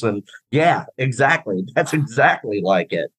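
A man's voice: medium pitch, unhurried, hardly any pauses, a bit bright, dry recording, rough recording. Chatty man with a dry close sound. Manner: chatty, rambling with many restarts and fillers. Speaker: guest, drummer in a tribute band. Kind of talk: casual interview chat.

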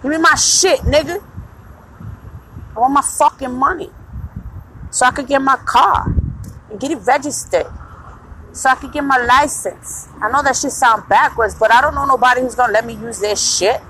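A woman venting in a blunt, profane, casual monologue, breaking into loud laughs. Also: high-pitched, moderate pace, pauses often, a little hiss or hum, low-quality recording.

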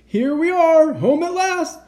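A loud, merry old Santa bellows and chuckles in a high, lively voice, as a man puts him on. His tone stays mellow under the noise, bouncing up and down with storybook cheer. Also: takes it slowly, heavily acted. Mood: jolly. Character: jolly noisy old Santa Claus.

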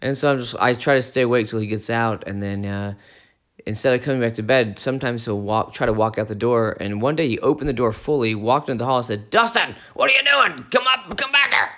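A man in casual podcast chat, telling stories in an easygoing way with a middle-pitched voice. He laughs along with his co-host. His talk is loose and unhurried. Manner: relaxed storyteller, laughs along.

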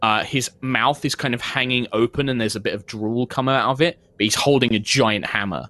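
A man's voice: medium pitch, brisk, sharp tone, no echo. A man narrating a tabletop game as game master, describing scenes with frequent fillers.

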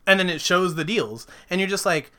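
Excitable male podcast co-host, quick and bright, profane storyteller. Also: high-pitched. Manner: excitable, swears constantly, acts out quotes. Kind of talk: casual profane chat about movies and comics.

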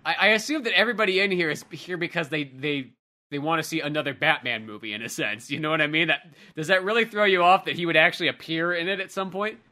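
Fast-talking bright man, swearing freely. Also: on the high side. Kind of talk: casual chat.

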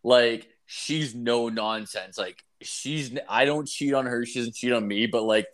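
A man's voice: medium pitch, measured pace. A young man from Canada telling crude stories in casual chat, rambling and swearing, with lots of fillers. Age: young adult. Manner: rambling, profane storytelling with many fillers.

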